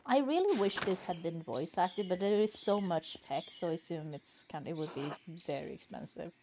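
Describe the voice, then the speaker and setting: A woman playing a story game and reading its dialogue aloud, thinking out loud casually and swearing often. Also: on the low side, animated, normal speed, background noise. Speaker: game streamer.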